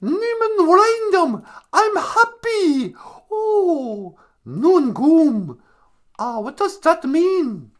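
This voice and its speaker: A man's voice: very animated, very slow, exaggerated voice. A man doing a mocking impression of a whiny, tearful young female climate activist. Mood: wailing. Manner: shrill, wailing, mocking.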